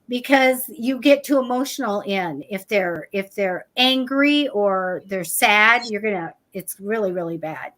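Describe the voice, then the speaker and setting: A woman hosting a live psychic talk show, chatting casually and acting out what people said. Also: a little high. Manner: animated, chatty, acts out quotes.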